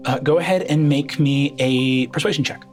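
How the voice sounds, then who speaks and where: Low-voiced lady running a tabletop game, halting, lots of ums. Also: darkish tone, faint music behind. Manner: halting, with many fillers. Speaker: game master.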